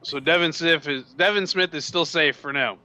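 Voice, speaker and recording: A man co-commentating a sim race, teasing the others with quick quips. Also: on the high side, pushed and bright.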